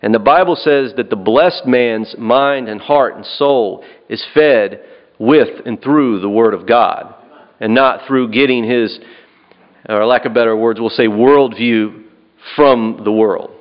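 A man preaches a sermon earnestly and slowly in a medium-pitched voice, frequently repeating and restarting phrases and checking in with "right?" The recording is dull and lo-fi.

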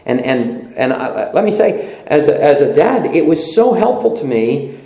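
A man's voice: fairly high pitch, sing-song, unhurried, mellow, lo-fi sound. A middle-aged man preaching a sermon, emphatic, repeating phrases and laughing often. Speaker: pastor. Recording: echoey room.

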